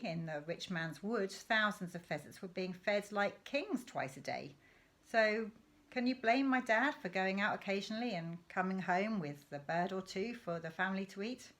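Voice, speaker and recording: A woman's voice: mid-range voice, fairly bright tone. A woman reading a children's novel aloud, telling it expressively and voicing each character herself. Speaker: audiobook reader.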